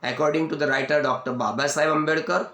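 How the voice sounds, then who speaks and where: A man with an Indian English accent giving a video lecture as an English teacher, explaining slowly and restating each point. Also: on the high side, steady tone, pushed and bright. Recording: echoey room.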